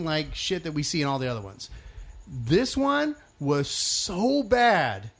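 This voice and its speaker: A man's voice: a little high, a bit bright. A man co-hosting a podcast, ranting animatedly about shows in casual chat and swearing freely. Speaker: podcast co-host.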